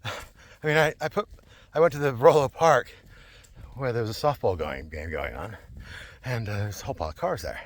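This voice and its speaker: A man's voice: mid-range voice, expressive, a little fast, pauses often. A man talking to camera in a rambling, digressive monologue, repeating himself and laughing often. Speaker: vlogger.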